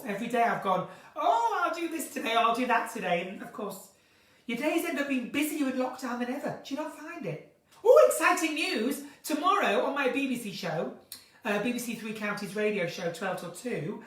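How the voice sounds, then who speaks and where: A woman hosting a casual live chat from her kitchen at home, theatrical and chatty, swinging between bright exclamations and low asides. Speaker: live-stream host chatting with viewers. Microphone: phone or webcam in a live stream. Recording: roomy, distant from the mic.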